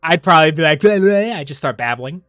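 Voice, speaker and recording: A man chatting casually on a livestream, rambling and animated, often laughing. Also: a little high, fast, dry recording, clean studio sound, soft background music. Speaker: streamer.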